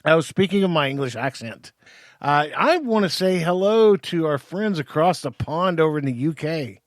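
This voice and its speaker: A man co-hosts a studio podcast, joking around with his partner. His voice is a touch high and sounds dry and close to the mic. He keeps up a playful, teasing banter. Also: expressive, moderate pace, no room sound. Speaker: podcast co-host. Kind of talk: casual chat.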